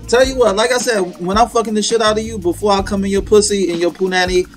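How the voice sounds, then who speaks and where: A man's voice: sits high, steady tone, fast, soft background music. A man with a Chicago accent hosting a casual podcast interview, talking loosely and profanely with stammering restarts. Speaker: podcast host.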